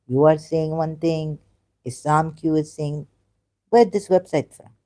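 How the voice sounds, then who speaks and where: Her voice sits low and warm, and she takes her time. As a religion critic reacting to a video, she reads it aloud and talks back to it casually. She comes across as exasperated and argumentative, fumbling her words.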